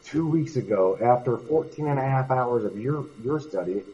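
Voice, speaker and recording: A man's voice: medium pitch, animated, normal speed, warm tone, breathy edge, muffled recording. A man in a heated voice-chat debate, exasperated and cutting in repeatedly. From United States. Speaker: voice chat participant. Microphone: computer mic in voice chat.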